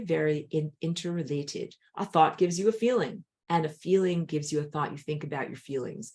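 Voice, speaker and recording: A woman leads a spiritual class online from outside in the heat, her throat sounding dry. Her delivery is animated, and she leaps high when she mimics a crying child.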